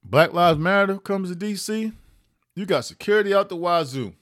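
A man hosting a podcast, giving opinionated year-end commentary with emphatic delivery and sudden high rises on stressed points. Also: lively intonation, moderate pace, fairly bright tone, no echo, clean studio sound. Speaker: podcast host.

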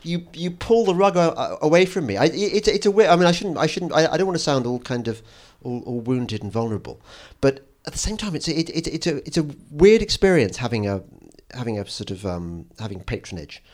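A man's voice: fairly high pitch, sing-song, a little fast, hardly any pauses, darkish tone. A man hosting a podcast, chatting casually and rambling, stammering and repeating words as he goes. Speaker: podcast host. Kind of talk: casual chat.

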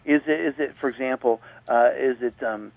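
With a medium-pitched voice, moderate pace, and some vocal fry, a male radio host patiently explains grammar point by point, repeating himself for his listeners. The recording is dry and phone-like.

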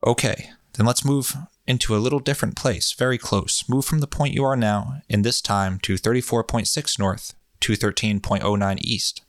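A man voicing a calm male session monitor, giving slow, measured, repeated directions in a hypnotic manner. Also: lowish voice, no room sound, clean studio sound, natural voice.

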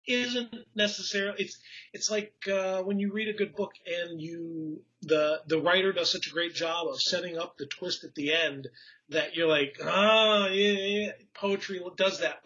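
A man's voice: high-pitched, sharp tone, lo-fi sound. A man in casual conversation explaining poetry, rambling with restarts and fillers and chuckling at his own slips. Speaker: poetry enthusiast explaining craft.

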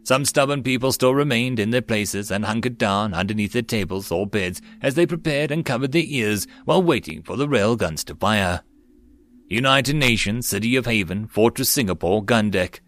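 A man's voice: on the low side, animated, normal speed, fairly bright tone. A man reading a web novel aloud as an audiobook, doing all the parts himself and raising his voice for the dialogue. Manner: reads all parts himself, lifting his voice for quoted lines. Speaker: audiobook narrator.

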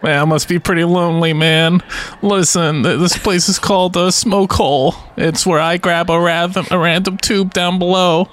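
A man's voice: high voice, fairly even intonation, moderate pace, a bit bright. A man voicing a rude male stoner running a smoke booth in a comedy skit, with a smoker's voice and a drawl.

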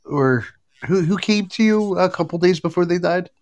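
A man on a paranormal call-in show, speaking haltingly and apologizing as he restarts his sentences. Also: sits high, darkish tone, lo-fi sound. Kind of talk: casual call-in chat.

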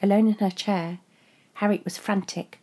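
A woman narrating a literary story in a measured, restrained way. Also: medium pitch, steady tone, dark tone.

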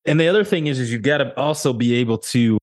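A young man co-hosts a casual podcast and tells stories in an animated way, often jumping higher to mimic the people in them. His voice sits at a middle pitch. The recording is dry and close, with no room sound. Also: fast, no room sound. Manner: animated storyteller, often mimics others with a raised voice. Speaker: podcast co-host, real estate agent.

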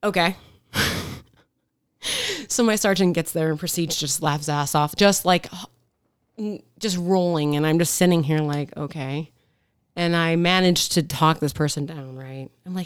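A woman police officer telling stories in casual podcast chat, animated, acting out quotes and swearing freely. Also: on the low side, moderate pace, clear, resonant tone, no echo, studio quality.

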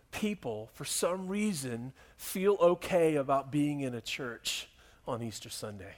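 A male pastor preaching in a church, moving from hushed pleading to loud, excited storytelling. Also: fairly high pitch. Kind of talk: sermon.

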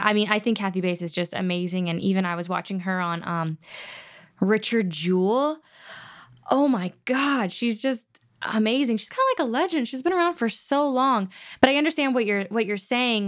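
A woman hosting a casual interview chat, enthusiastic and chatty with her guest. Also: medium pitch. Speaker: podcast host.

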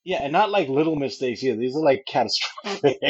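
A man co-hosting a podcast, chatting casually and sometimes pausing to search for words. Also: medium pitch, breathy edge. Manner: relaxed, searches for words with fillers. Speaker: podcast co-host. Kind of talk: casual chat. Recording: dull lo-fi recording.

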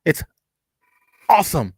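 A man co-hosting a fan review podcast in casual chat, often stumbling over his words and restarting sentences. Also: no echo. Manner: halting, many restarts and fillers. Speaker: podcast co-host.

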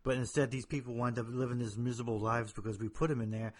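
A man's voice: mid-range voice, level tone, fast talker. Earnest, reflective podcast man. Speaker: podcast co-host. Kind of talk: casual conversational podcast.

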